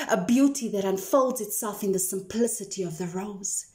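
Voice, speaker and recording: A woman performing her spoken-word poetry dramatically, shifting between hushed whispers and bold declarations. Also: mid-range voice, normal speed, few pauses. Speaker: poet. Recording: roomy echo.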